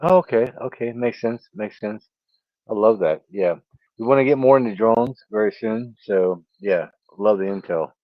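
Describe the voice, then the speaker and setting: A man's voice: fairly low pitch, normal speed, no echo. A man co-hosting a casual online audio chat, enthusiastic and joking. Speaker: co-host. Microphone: online audio call. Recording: dull lo-fi audio.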